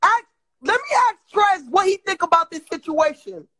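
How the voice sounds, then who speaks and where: Brooklyn woman going off on stream, high voice, blunt and cussing a lot. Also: sing-song, moderate pace, bright, forceful tone, poor audio. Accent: Brooklyn New York. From Brooklyn, New York. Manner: blunt, profane, confrontational, lecturing. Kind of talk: heated livestream rant.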